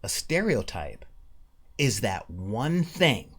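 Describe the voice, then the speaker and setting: A man hosting a casual monologue about tabletop gaming, emphatic and animated, slipping briefly into mock voices to make a point. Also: on the low side, slow. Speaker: podcast host.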